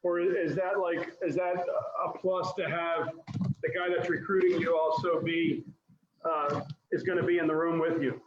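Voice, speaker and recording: A man's voice: fairly high pitch, level tone, normal speed. A man hosting a wrestling podcast, chatting with enthusiasm and laughing easily while asking his guest questions. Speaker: podcast host and wrestling parent. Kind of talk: casual interview chat. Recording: dull, roomy remote call audio with faint noise.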